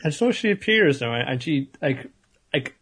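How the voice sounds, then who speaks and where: A man's voice: a little high, expressive, unhurried, a bit bright, slightly rough. A man co-hosting a podcast, recapping anime episodes in casual chat, laughing and acting out characters. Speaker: podcast co-host.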